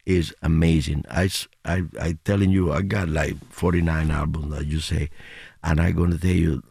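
Deep gravelly older man, animated storyteller. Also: dry recording, studio quality. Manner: halting non-native English, restarts, laughs often. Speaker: guest musician. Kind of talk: animated interview chat.

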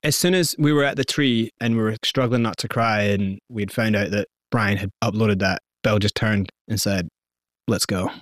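A Scottish man, a guest in an interview, telling his story in a lively way and acting out quoted lines. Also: fairly low pitch, moderate pace, hardly any pauses, no room sound, studio quality. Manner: lively, animated storyteller who acts out quotes.

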